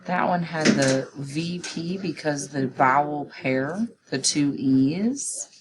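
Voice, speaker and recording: A woman teacher with a low voice talks slowly and patiently through a recorded phonics lesson, guiding young students step by step. Clear background noise and clicks sit under her voice.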